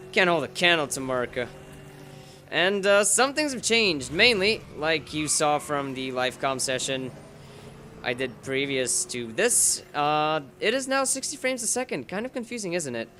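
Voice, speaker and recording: A man with a higher, bright, forceful voice rambles through let's-play commentary. He jokes at his own expense and wanders off on tangents between races. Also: a little hiss or hum. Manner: rambling, self-mocking, jokey. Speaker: game commentator.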